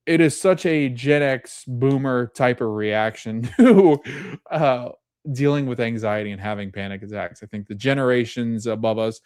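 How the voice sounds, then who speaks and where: A man's voice: medium pitch, a little mellow, clear, resonant tone, no echo, clean studio sound. A young adult man hosting a podcast, rambling through a casual TV recap with lots of fillers. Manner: rambling, filler-heavy retelling. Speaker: podcast host.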